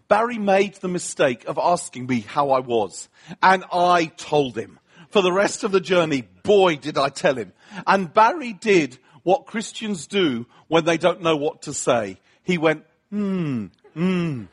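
A British man preaching a humorous sermon, telling a story with self-mocking asides in an animated way. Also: a little high, measured pace, breathy edge. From Britain.

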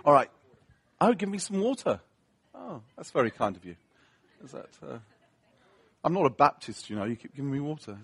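A British man preaching a humorous sermon, telling a story with self-mocking asides in an animated way. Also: fairly high pitch, moderate pace, creaky, pauses often, husky. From Britain.

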